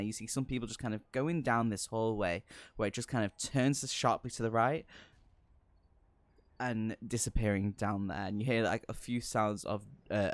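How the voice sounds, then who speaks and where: A man acts as game master for a tabletop horror game, narrating hesitantly with lots of ums and kind-ofs in his descriptions. His voice is lowish, with no echo.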